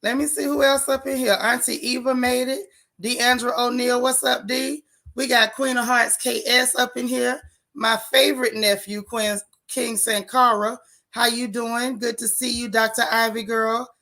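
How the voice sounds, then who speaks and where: A woman's voice: fairly high pitch, level tone, normal speed, pushed and bright. A woman hosting a casual live stream, chatting with her viewers and greeting them by name in a loose, chatty way. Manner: chatty, Southern-tinged African American vernacular, frequent "child" and "y'all". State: out of breath. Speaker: live-stream gossip host.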